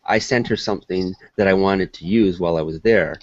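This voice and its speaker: A man in casual group chat on a call, talking in halting bursts with laughs. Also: deep voice, lo-fi sound, over a noisy crowd.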